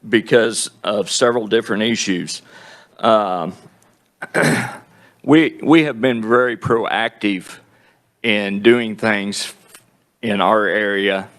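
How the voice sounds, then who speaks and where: A man gives committee testimony in a slow, halting, plain-spoken way. His voice sits low, and he pauses to clear his throat between phrases. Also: a bit bright. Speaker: groundwater district representative testifying.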